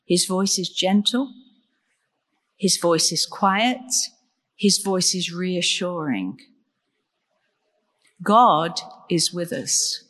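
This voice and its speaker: A woman preaches a sermon at a slow, unhurried pace and leans on rhetorical questions. Her mid-pitched voice carries a long reverb from a large hall. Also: a bit bright.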